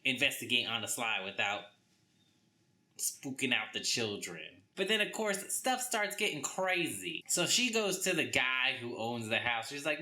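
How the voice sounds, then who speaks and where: Young adult man, southern US accent, comic ranting book review, very bright, tense voice, swooping pitch. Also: animated. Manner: exasperated, acts out characters in quick voices.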